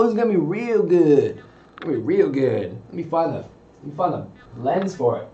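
A man's voice: a little high, very animated, unhurried, highs cut off, a little hiss or hum. A man streaming to his viewers in goofy, hyped chatter through a cheap webcam mic, swearing, laughing and whooping.

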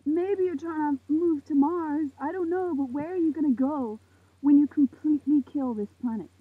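An eighteen-year-old woman vlogger delivers an impassioned rant to camera at night in a parking lot, standing under a makeshift roof. Her very husky voice sits high and moves at normal speed as she swears and launches into heated, preachy outbursts. The recording has a tinny, phone-like lo-fi sound.

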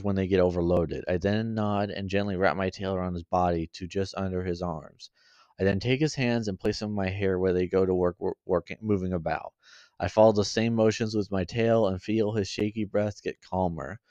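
Male amateur story reader, low, stumbling, dry recording. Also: darkish tone, dry recording, dull audio. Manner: halting, with frequent stumbles and self-corrections. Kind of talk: reading a fan story aloud.

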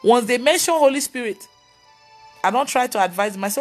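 Animated woman pastor preaching. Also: on the high side, fairly quick, faint music behind. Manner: animated storytelling, mimicking others' voices; scolding, emphatic exclamations. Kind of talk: live-video preaching and prayer.

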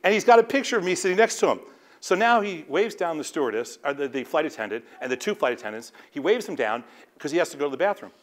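A man host telling a lively anecdote on stage, acting out the quoted lines of the people in it. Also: a little high, quick pace. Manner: animated storyteller acting out quotes.

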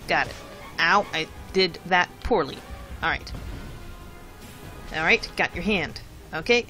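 A casual gameplay commentator with a bright, crisp tone talks to themselves while playing, chatty and thinking aloud. They keep repeating short words in rhythm as they time each move. Faint game music plays underneath. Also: medium pitch, slow pace, pauses often. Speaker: let's play commentator.

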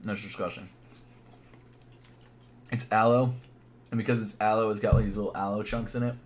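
A young man chatting casually on a live stream, thinking out loud in a laid-back way with plenty of fillers. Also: on the low side, level tone, moderate pace. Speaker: sneaker YouTuber live streaming.

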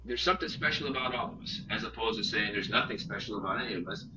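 A low-voiced man talks earnestly and rambles, circling back over his points. He sits well away from the mic in a roomy, echoey space. The sound is muffled and has loud noise behind it. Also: quick pace, distant mic. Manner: earnest, rambling with many restarts. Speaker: podcast guest photographer. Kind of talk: casual interview chat.

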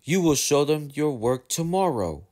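A man's voice: very animated, measured pace, a little mellow. A man voicing a stern, pompous railway boss in a storybook reading. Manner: stern, booming.

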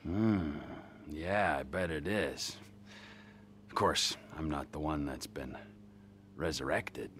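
A man's voice: a bass voice, slow pace, long pauses, fairly bright tone, a little hiss or hum, exaggerated voice. An actor playing a volatile, sarcastic middle-aged male criminal in a video game cutscene, drawing words out with mock politeness and dropping into sudden whispers. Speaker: criminal old friend returning from the past.

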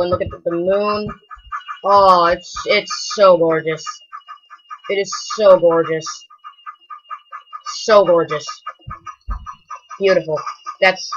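Woman gaming host, casual play-by-play commentary, low-ish bright voice, excitable and gushing, dull lo-fi home mic. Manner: excitable, gushing and rambling, bursts into loud exclamations.

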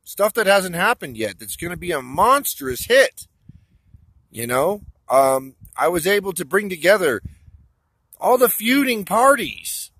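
A man with a slightly high voice talks slowly and haltingly while out walking in open country. He fills his pauses with ums and uhs and keeps restarting, speaking directly to an absent listener. The sound is close and dry, with no room around it. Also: big pitch swings, fairly bright tone, breathy edge, no echo. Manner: halting, with many fillers and restarts. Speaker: vlogger. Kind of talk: rambling personal walk-and-talk vlog. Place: outdoors in open desert country. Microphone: phone or camera held while walking.

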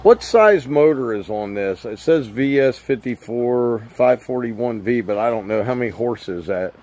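A man's voice: medium pitch, animated, unhurried, darkish tone. A man hosting a casual vlog, chatting upbeat and speaking to his viewers directly.

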